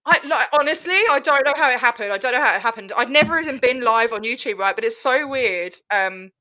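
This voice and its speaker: Bright, bubbly Australian woman telling a story. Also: on the high side, quick pace. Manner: animated, laughing, mimics voices in retelling. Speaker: guest protester. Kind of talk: casual storytelling chat.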